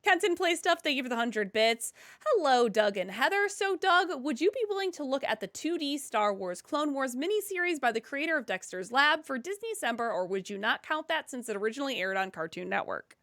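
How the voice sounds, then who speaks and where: A woman's voice: high voice, big pitch swings, a bit bright, no echo, clean studio sound. A woman co-hosting a casual livestream, reading out viewer questions and thanks. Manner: reads out chat messages, quick asides.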